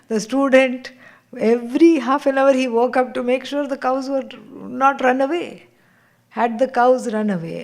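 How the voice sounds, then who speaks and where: A woman spiritual teacher giving a scripture class, unhurried and laughing often as she tells stories. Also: on the high side, darkish tone.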